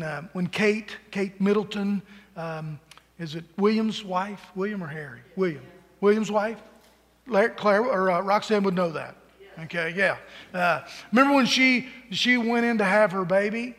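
A man's voice: high-pitched, fairly bright tone, in a large hall. A man preaching a sermon to his congregation in a conversational way, often repeating words as he starts a phrase. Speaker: pastor. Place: church sanctuary.

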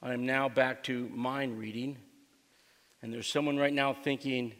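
Male pastor preaching slow, jokey stories then repeats stuff for emphasis, reverb from a big church hall. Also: mid-range voice, fairly even intonation, fairly bright tone. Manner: joking storyteller, repeats phrases for emphasis. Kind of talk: sermon with humorous anecdote. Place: church sanctuary.

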